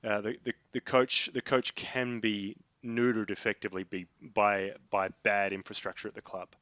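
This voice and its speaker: A man's voice: lowish voice, little pitch movement, normal speed, fairly bright tone, no echo, dull audio. A man co-hosting a casual sports podcast, wry, often stopping and restarting his sentences. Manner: hesitant, many fillers and restarts, wry. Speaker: podcast co-host.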